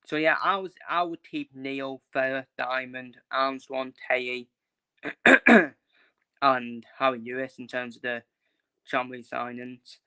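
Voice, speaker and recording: A man's voice: medium pitch, a little slow, bright, forceful tone, clear, resonant tone. A young man ranting casually in his own vlog, frustrated and blunt, repeating himself and swearing. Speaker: football fan vlogger. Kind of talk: casual opinion rant.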